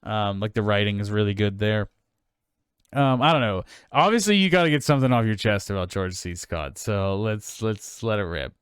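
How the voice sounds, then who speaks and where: A man's voice: on the low side, big pitch swings, normal speed, clear, resonant tone, no room sound, studio quality. A man co-hosting a film podcast, chatting casually and enthusiastically, rambling and swearing freely. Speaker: podcast co-host.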